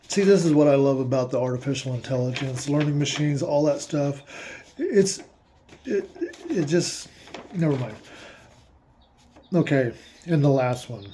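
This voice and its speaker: A little hiss or hum sits under this man's fairly high, mellow voice. Hosting a casual monologue, he reads passages aloud and wanders through his reactions, emotional and with tears in his eyes.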